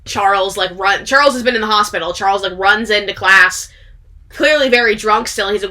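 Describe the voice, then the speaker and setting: A woman in casual conversation, retelling a long story to a friend. Her voice is bright and crisp, sitting at an ordinary pitch. She rambles, fills her sentences with "like," and now and then bursts into laughter. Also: fast talker. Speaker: vlogger.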